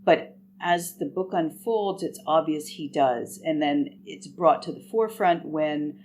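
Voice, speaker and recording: A woman's voice: low voice, measured pace, darkish tone, slight background noise. A woman, a guest author on a podcast interview, speaking with thoughtful enthusiasm.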